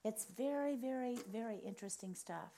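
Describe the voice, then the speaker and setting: A woman preaching a charismatic sermon, telling lively stories and repeating phrases for emphasis. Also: on the high side, fairly quick, gravelly. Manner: animated storytelling, acts out other people's reactions.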